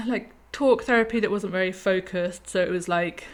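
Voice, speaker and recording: A woman in her thirties hosting a conversation, thoughtful and quick to laugh. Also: lowish voice, flat delivery. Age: 30s. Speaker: podcast host. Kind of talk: reflective conversation.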